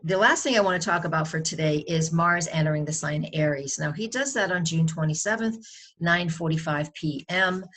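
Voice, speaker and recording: A low-pitched woman with a New England accent talks straight to camera as an astrologer, giving her weekly forecast. She speaks conversationally and rambles, often stopping to restart a sentence. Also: fairly bright tone.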